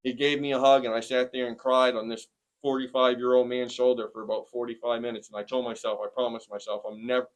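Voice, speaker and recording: A man in his forties tells a hard personal story in plain, earnest words. His voice sits at an ordinary middle pitch, and he often pauses with a soft "um" before going on. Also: flat delivery. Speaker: interviewee sharing a testimony. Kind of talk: personal testimony in conversation.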